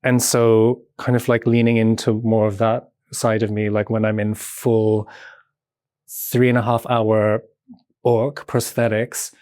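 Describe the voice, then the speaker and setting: A man with a British accent, chatting as a podcast guest in an animated, playful way. He laughs often and fills his talk with casual filler words. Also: fairly low pitch, measured pace, no echo, studio quality. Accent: British English. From Britain. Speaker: podcast guest, movement artist. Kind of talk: casual chat.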